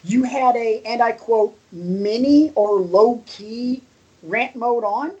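A man co-hosting a podcast, excitable and animated, swearing casually in relaxed chat. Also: very high-pitched, takes it slowly, breathy edge, highs cut off. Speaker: podcast co-host.

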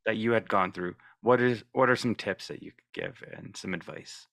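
A man hosting a podcast speaks in a lowish voice, easygoing and conversational. He tends to close his points with little tag questions. The recording is close and dry. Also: normal speed, creaky, fairly bright tone, dry recording. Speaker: podcast host. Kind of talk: casual interview chat.

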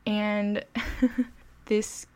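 A young woman vlogger casually telling a story to the camera, chatty and excitable with a self-deprecating streak. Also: mid-range voice, very slow, smooth. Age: young adult.

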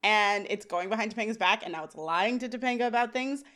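A woman co-hosting a casual podcast, chatting and reading scene recaps in an animated way. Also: mid-range voice, quick pace. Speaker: podcast co-host.

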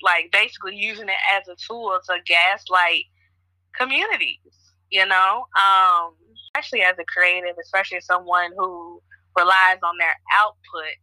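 Woman from Chicago, podcast host, casual storyteller, bright tone. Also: lowish voice, normal speed, no room sound, low-quality recording. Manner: chatty, storytelling, frequent fillers. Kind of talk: casual conversation.

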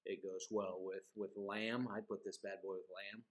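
A man's voice: sits low, flat delivery, normal speed. A man co-hosting a wine podcast in casual chat, rambling and joking at his own slips. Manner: rambling, self-deprecating, joking.

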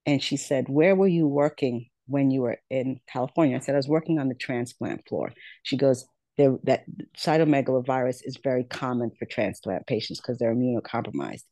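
A middle-aged woman recounts her own story as a podcast guest. She is earnest, repeats herself for emphasis, and slips into the voices of the people she quotes. Her tone is warm and mellow, and the recording is close and dry with no room sound. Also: rumbling low, brisk, dry recording. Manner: earnest, repeats words, acts out quoted dialogue. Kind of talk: personal storytelling in an interview.

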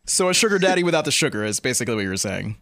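A man's voice: medium pitch, sing-song, racing, creaky, noisy background. Teasing male gossip host. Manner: teasing, playful, hesitant. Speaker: podcast host. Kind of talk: casual celebrity gossip chat.

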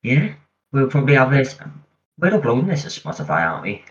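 A man's voice: mid-range voice, wildly swooping pitch, fast talker, a bit bright, husky. A man co-hosting a podcast, chatting in an easygoing way and planning aloud. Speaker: podcast co-host. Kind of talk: casual chat. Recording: dull lo-fi audio.

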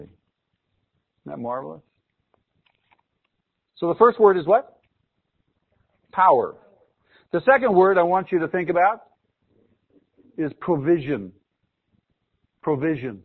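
High-voiced male pastor on a tinny line. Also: expressive, takes it slowly, gravelly, pauses often, breathy edge. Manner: asks the congregation questions and repeats key words for emphasis. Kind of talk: sermon. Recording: phone-like narrow sound.

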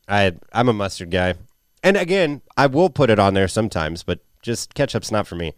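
A young Midwestern American man talks on a podcast in a laid-back way, cursing as he tells stories. His voice is low and smooth. The recording is dry and close. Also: big pitch swings, moderate pace, no echo. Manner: laid-back, swearing, storytelling. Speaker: podcast co-host. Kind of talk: casual chat.

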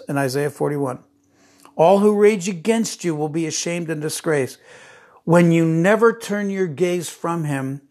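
A middle-aged man preaching a sermon, emphatic, repeating key phrases and dropping to a hush for tender lines. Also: a little high.

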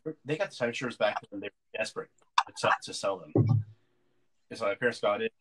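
A man's voice: lowish voice, fast, fairly bright tone, a little hiss or hum, poor audio. A man in casual podcast chat, rambling through an anecdote with lots of fillers and restarts. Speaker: podcast co-host.

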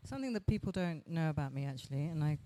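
A woman's voice: deep voice, expressive, fast, warm tone. A woman speaking enthusiastically on a panel. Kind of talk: panel talk.

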